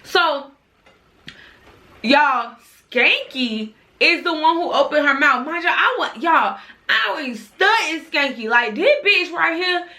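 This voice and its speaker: Young woman vlogger spilling a story, kinda high voice, super bright, cussing a lot and acting out everybody's lines. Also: slow pace. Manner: animated, profane, acts out dialogue. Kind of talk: casual storytime chat.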